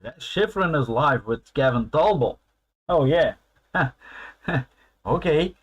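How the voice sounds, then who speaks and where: A man's voice: a little high, expressive, slow pace, slightly rough, low-quality recording. A man hosting a casual live stream, chatting loosely and laughing often as he answers his viewers.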